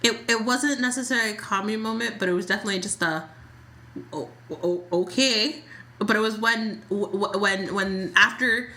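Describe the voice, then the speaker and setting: A woman's voice: mid-range voice, steady tone, fast, few pauses, bright, forceful tone. A woman co-hosting a casual podcast chat, chatty, often stumbling and restarting mid-sentence. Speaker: podcast co-host. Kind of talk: casual chat about a soap opera.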